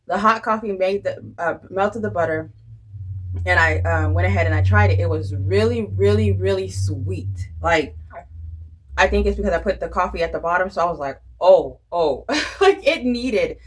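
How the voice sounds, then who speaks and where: A young woman vlogger telling a rambling, animated story in a casual chatty way, full of fillers and restarts. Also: lowish voice, poor audio. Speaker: budgeting and planner vlogger.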